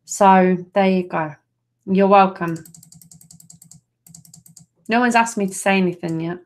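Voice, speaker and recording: A woman's voice: mid-range voice, a little slow. Woman, psychic reader, live stream, reassuring, casual chat with viewers.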